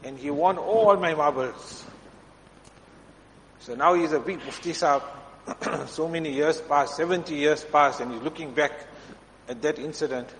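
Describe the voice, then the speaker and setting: A man delivers a storytelling sermon, pitched a little higher than most men. He keeps pausing to clear his throat as he moves through his anecdotes. His voice carries a long reverb from the hall, with a faint hum behind it. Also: a bit bright. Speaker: preacher.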